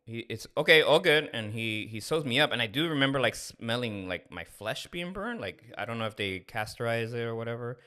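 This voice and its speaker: Candid storytelling man with a bright voice. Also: mid-range voice, a little fast, few pauses. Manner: candid, animated, acts out dialogue. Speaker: podcast co-host. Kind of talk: casual storytelling.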